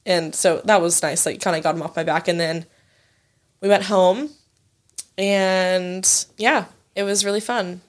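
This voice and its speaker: A woman's voice: fairly low pitch, steady tone, a little slow. A woman in her twenties telling a story in casual chat, swearing freely and acting out what others said. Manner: chatty, swears freely, acts out quoted voices.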